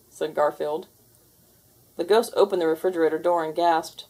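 A woman narrating a children's storybook read-aloud in an expressive way. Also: low-pitched, normal speed.

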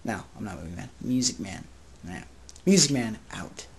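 A teenage boy rambles through a casual vlog, brash and crude. His pitch swings all over the place, and he jumps from loud outbursts to low mutters as he gets sidetracked. He sounds jokey and unpolished throughout. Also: expressive, moderate pace, gravelly, breathy edge. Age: teens. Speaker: vlogger.

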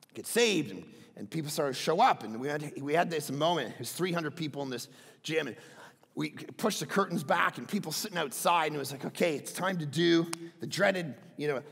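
A middle-aged man preaching a sermon as pastor, often breaking into shouts. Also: on the high side, gravelly, breathy edge, long reverb tail.

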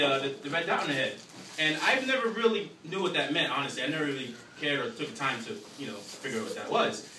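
A young man doing a live stand-up routine, telling animated stories and shouting his punchlines. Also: on the high side. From New York. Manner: animated storytelling with shouted punchlines and frequent "you know what I'm saying". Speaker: stand-up comedian. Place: small live venue. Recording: roomy, distant, noisy live recording.

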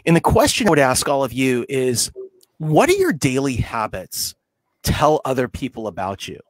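A man's voice: mid-range voice, huge pitch swings, normal speed, dry recording. A man hosts an interview in an ordinary mid-range voice, speaking reflectively. The recording is close and dry, and he turns to pose questions straight to his listeners. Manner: reflective, asks the audience questions. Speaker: host. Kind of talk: hosting an interview series.

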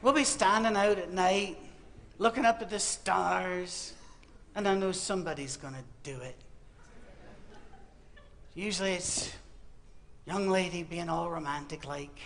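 A man's voice: high-pitched, a little slow, vocal fry, pauses often, noisy background. A man with a West Virginian accent giving a humorous sermon talk to students, telling stories with wry, dry punchlines. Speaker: preacher speaking to students.

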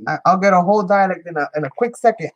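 A woman's voice: on the low side, fast talker, slight background noise, low-quality recording. A woman hosting a live crafting show, chatting playfully with viewers as she works and often breaking into giggles. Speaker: crafting channel host. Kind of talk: live crafting demonstration chat.

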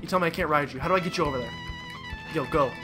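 A young man giving casual, jokey let's play commentary, excitable and talking to the game figures. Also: a little high, racing. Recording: voice over loud game music. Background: game music.

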